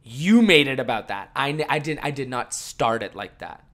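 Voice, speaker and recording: A young man hosting a podcast, ranting casually and swearing a lot, swinging from mumbled asides to loud exasperated outbursts. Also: medium pitch, lively intonation, normal speed. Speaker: podcast host.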